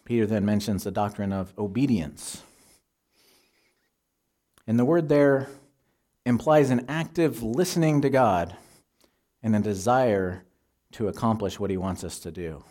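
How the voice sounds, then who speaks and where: A man preaching a sermon, teaching in a measured, earnest way and quoting scripture. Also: lowish voice, warm tone.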